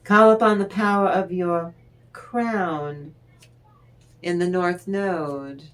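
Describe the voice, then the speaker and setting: A woman giving a tarot reading, talking straight to the listener in an encouraging, unhurried way and laughing often. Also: lowish voice, clear, resonant tone. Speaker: tarot reader. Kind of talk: tarot card reading to the viewer.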